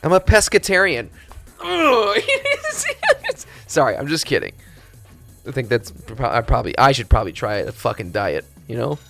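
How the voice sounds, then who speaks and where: A man streaming, chatting casually in a rambling, profane, animated storytelling way. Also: mid-range voice, brisk, gravelly, faint music behind.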